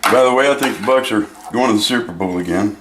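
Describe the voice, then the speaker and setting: A man's voice: on the low side, fast talker, heavy background noise. A man hosting a home cooking show, joking and rambling in a folksy way as he makes a dish. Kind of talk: casual home cooking demo. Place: home kitchen. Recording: echoey kitchen, clear clatter of dishes.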